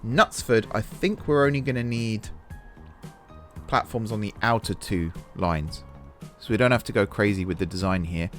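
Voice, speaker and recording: A man's voice: lowish voice, normal speed, soft background music. Chatty man narrating a building game. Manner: chatty, thinking aloud while building; self-deprecating about mistakes. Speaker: gaming channel host. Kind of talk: casual let's-play commentary.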